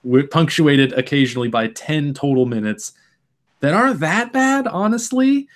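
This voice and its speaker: A young man hosting a casual film podcast, thinking out loud in long stretches and acting out imagined quotes. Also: fairly high pitch, animated, moderate pace. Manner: thoughtful, talks in long stretches, acts out quotes. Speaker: podcast host.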